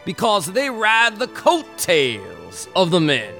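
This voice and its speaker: A man's voice: high-pitched, wildly swooping pitch, takes it slowly, vocal fry, bright, forceful tone, soft background music, voice pushed up, exaggerated voice. A man voicing a pompous older male tennis executive in an affected, mocking put-on voice.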